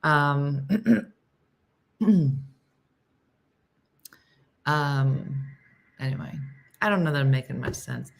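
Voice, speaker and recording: A woman's voice: low-pitched, extremely slow, creaky, long pauses. A woman hosting a live stream, chatting casually and rambling between stories while reading out viewer comments. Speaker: live show host.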